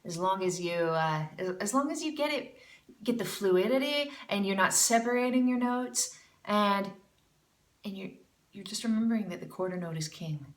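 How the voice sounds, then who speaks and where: A woman's voice: mid-range voice, lively intonation, moderate pace, echoey room, far from the mic. A woman teaching jazz singing, critiquing a student and demonstrating phrases with scat syllables in an encouraging way. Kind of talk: music lesson critique with scat singing demos.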